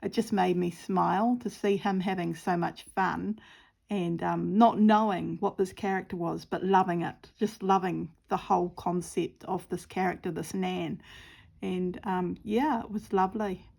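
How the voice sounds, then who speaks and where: Chatty New woman with a gravelly voice. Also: lowish voice, a little mellow. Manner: rambling, giggly and self-deprecating, lots of fillers. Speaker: craft channel host. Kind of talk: casual chat while crafting.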